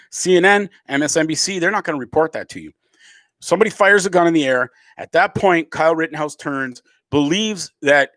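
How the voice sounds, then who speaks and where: A middle-aged man from Canada, a comedian, delivers an angry, profane rant. His voice sits a little high for a man. The sound is dry and close, with no room around it. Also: dry recording. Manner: angry, emphatic, swearing freely. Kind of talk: profane political rant to camera.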